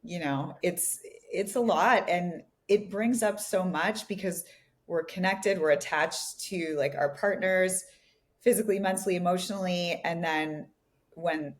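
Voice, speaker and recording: A woman's voice: fairly low pitch, measured pace. A woman co-hosting a podcast as a relationship coach, reflective and given to laughing and saying "like". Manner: reflective, laughs often, many fillers like "like". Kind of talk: casual podcast conversation.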